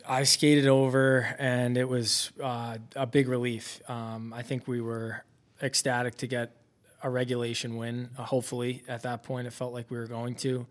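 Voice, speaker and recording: A man's voice: medium pitch, normal speed. A young man, a professional hockey goaltender from Massachusetts, chatting easily as a podcast guest with lots of fillers and light humor. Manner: easygoing, relaxed, with many fillers and light jokes. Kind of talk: casual interview chat.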